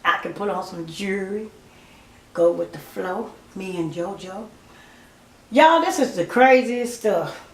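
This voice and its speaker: A woman's voice: mid-range voice, unhurried, roomy sound, slight background noise. A woman in her fifties chatting casually to her viewers, laughing often and calling them y'all. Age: 50s. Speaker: vlogger. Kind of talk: casual chat to camera.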